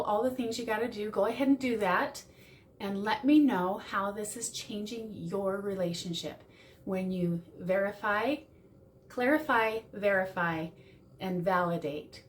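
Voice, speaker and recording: A woman's voice: medium pitch, slight background noise. Earnest woman coaching on relationships. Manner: earnest, repeats words for emphasis. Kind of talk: direct-to-camera advice talk.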